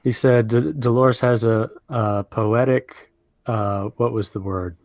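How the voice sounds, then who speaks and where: A man co-hosting a podcast, thinking aloud in a measured, casual way. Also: mid-range voice, fairly even intonation, darkish tone, no room sound, highs cut off. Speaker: podcast co-host.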